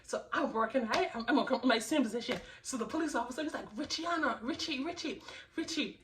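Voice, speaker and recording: A young woman vlogger telling a storytime, animated and laughing, with lots of restarts. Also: a little high, fast talker, recorded from a distance, background noise. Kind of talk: storytime narration.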